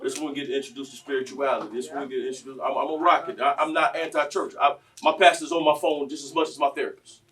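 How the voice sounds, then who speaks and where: A man, telling stories on a panel in a preachy, impassioned way that swings between quiet and loud. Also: medium pitch, fairly even intonation, quick pace, hardly any pauses, recorded from a distance. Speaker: panel speaker.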